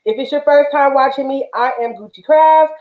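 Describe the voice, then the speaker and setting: A chatty woman from the Bay Area hosts a craft livestream, greeting viewers warmly and peppering her talk with ums. Her voice sits high, and the sound is roomy and a little dull. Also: moderate pace. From Northern California, Bay Area. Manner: chatty, affectionate, many fillers. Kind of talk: casual livestream chat.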